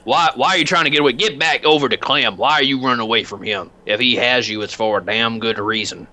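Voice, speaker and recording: A man's voice: medium pitch, quick pace, bright, forceful tone. A man voicing a big, hefty homeowner who swears and threatens an intruder in a tabletop game. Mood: angry.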